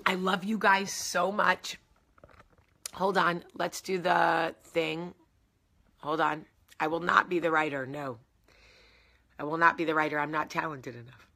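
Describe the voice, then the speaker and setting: Middle-aged woman vlog host, excitable rambling storyteller; bright, raspy tone. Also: deep voice, unhurried, long pauses. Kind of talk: casual chat to camera.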